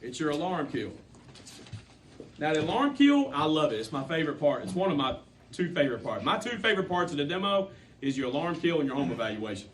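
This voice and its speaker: A man running a sales training for a live group, coaching with animated, repetitive emphasis. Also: a little high, fast, distant mic, slight background noise.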